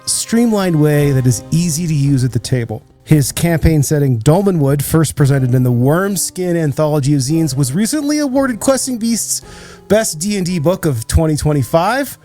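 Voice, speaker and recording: American podcast host guy, talky and loose, slightly high voice, faint music under it. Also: expressive, normal speed, mellow. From United States. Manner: chatty, lots of "like" and "you know". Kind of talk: casual interview chat.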